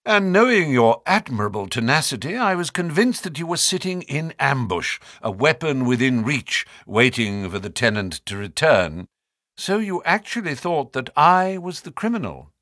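A man's voice: medium pitch, big pitch swings, normal speed, a bit bright, dry recording, studio quality, voice pushed up. A man reading the part of a keen, cool-headed detective in an audiobook, cold, incisive and ironic. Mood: dry, amused.

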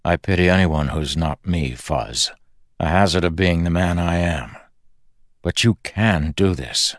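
A man voicing a confident, wry male hero who speaks in a brisk, dry, matter-of-fact way. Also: low voice, no echo. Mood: determined.

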